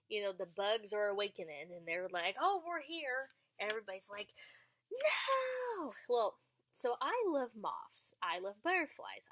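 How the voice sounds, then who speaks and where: A young woman chatting casually to the camera as she answers viewers' questions, acting out quoted lines with sudden high jumps in her voice. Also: a bit bright, no echo. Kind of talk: casual storytelling vlog.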